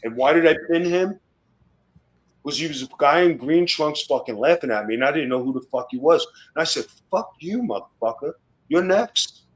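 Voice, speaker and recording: A middle-aged man, a guest on a podcast, telling wrestling stories in rough, swearing-heavy casual talk. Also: a little high, fairly quick, low-quality recording. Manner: profane, boastful storytelling.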